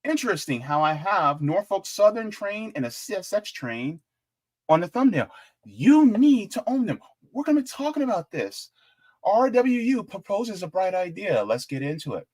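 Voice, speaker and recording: A man hosting a live-stream politics show, chatting casually, animated and jokey as he reads out the chat. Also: high voice, moderate pace.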